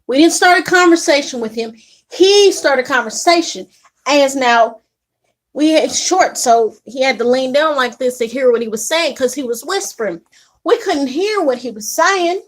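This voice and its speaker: A young woman casually telling an indignant story to camera, animated and quick to act out what others said. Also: sits high. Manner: animated, indignant retelling with acted quotes. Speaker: vlogger.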